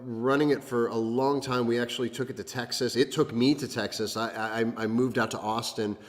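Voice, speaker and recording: A man's voice: mid-range voice, steady tone, brisk, long reverb tail. A man talking as a guest in a casual chat, rambling with many fillers and restarts.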